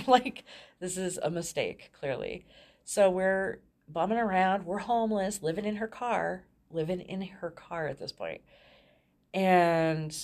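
A woman with a low voice tells her own story as a guest, frank and unguarded. She slips small laughs into her sentences even while describing hard times. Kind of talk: candid personal storytelling.

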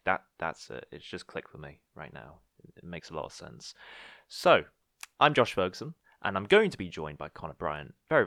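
A man's voice: sits low, fairly bright tone, dry recording, clean studio sound. A man hosting a podcast, talking casually in a rambling, self-mocking, jokey way. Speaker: podcast host.

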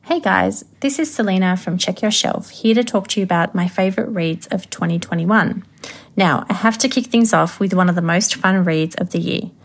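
A woman's voice: fairly low pitch, normal speed. A woman giving an upbeat, polished rundown of her favourite books of the year. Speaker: book reviewer. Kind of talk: scripted book recommendation.

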